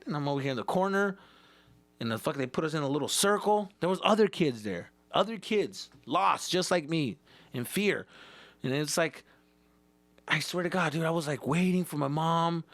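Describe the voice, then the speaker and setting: A man's voice: fairly high pitch, moderate pace, dry recording. A man hosting his own comedy podcast, telling stories in loose, profane chat that mixes in Spanish words. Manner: animated, swears constantly, mixes in Spanish. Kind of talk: casual profane storytelling.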